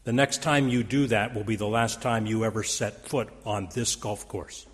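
A man's voice: fairly low pitch, steady tone, moderate pace. Man, pastor, dramatic sermon delivery, long church reverb. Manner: dramatic, quoting scripture with raised force. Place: church sanctuary.

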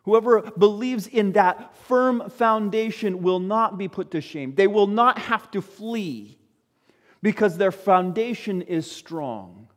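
Man, pastor, sermon, high voice, long hall reverb. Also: takes it slowly.

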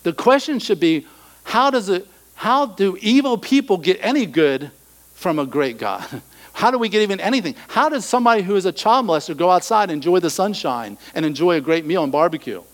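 Animated man preaching a sermon. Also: high voice, a little fast, rough recording. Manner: animated preaching, acts out quoted voices, drops to soft asides. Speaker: pastor.

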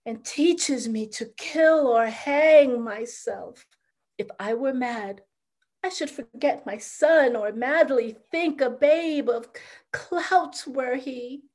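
A woman playing a grieving noble mother wild with sorrow in a classical stage drama, swinging from loud cries to hushed whispers. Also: sits high, takes it slowly. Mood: anguished.

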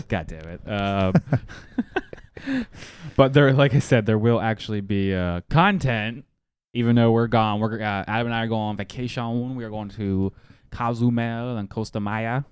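A young man hosting a casual sports podcast, loud and profane, laughing often. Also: lowish voice, lively intonation, measured pace, clean tone, no room sound. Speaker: podcast host.

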